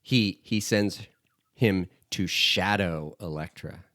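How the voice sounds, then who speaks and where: A man's voice: low voice, slow, fairly bright tone, no echo. A man co-hosting a casual podcast about films, laid-back, with dry humor as he retells scenes. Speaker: podcast co-host. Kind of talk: casual film discussion.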